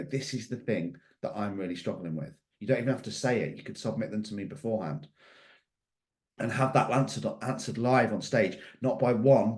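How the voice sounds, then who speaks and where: A man's voice: lowish voice, a little mellow. A middle-aged man giving a motivational mindset talk, emphatic and fond of repeated questions. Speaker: mindset coach. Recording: echoey room.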